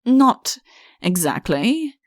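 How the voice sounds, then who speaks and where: A woman's voice: on the high side, sing-song, extremely slow, no echo, clean studio sound, exaggerated voice. A woman voicing a young prince in an audiobook, who tries to sound stern and blustering but stammers when flustered. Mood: stern, halting. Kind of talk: audiobook character voice.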